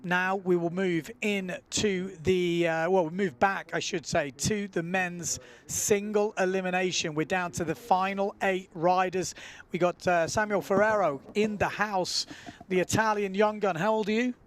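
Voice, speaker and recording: High-voiced chatty male sports commentator. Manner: chatty, relaxed, fills pauses with uh. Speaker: event commentator.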